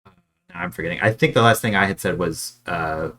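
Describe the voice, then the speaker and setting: A man's voice: low voice, moderate pace, sharp tone. A man narrating as game master of a tabletop game, talking hesitantly with many fillers.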